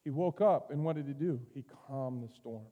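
A man preaching a sermon as pastor, earnest, moving from loud urging to quiet, intimate passages. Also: medium pitch, moderate pace, lo-fi sound. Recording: long reverb of a hall.

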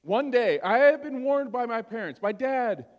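A man's voice: very high-pitched, animated, normal speed, long reverb tail, muffled recording. A male pastor telling a personal story during a sermon, conversational and often checking in with his listeners.

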